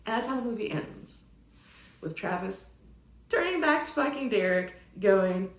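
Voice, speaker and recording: A woman's voice: medium pitch, moderate pace, echoey room. A young woman giving a casual, profane film review and acting out the characters' lines. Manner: animated, profane, acts out characters.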